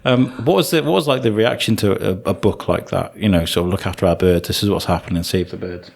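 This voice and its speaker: Brief: English male podcast host, lowish voice, hesitant easygoing chat. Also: fast talker, gravelly. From England. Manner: hesitant, conversational, many fillers. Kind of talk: casual chat.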